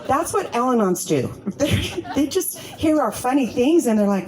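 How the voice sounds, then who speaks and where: A woman's voice: high-pitched, very animated, normal speed, a little mellow, poor audio. A woman in her sixties giving a humorous, candid talk about her recovery to a convention audience. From Arizona. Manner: candid, humorous storytelling with laughs. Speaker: recovery speaker. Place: convention meeting room.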